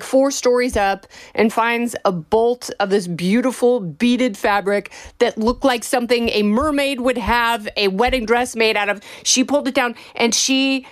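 A young adult woman telling a story in a casual, animated way, often laughing as she talks. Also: fairly high pitch. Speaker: bride telling her wedding story.

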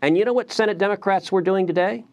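A middle-aged man, a senator as a TV news guest, speaking forcefully and indignantly, often repeating words as he starts a point. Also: high voice, fast. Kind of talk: political TV interview.

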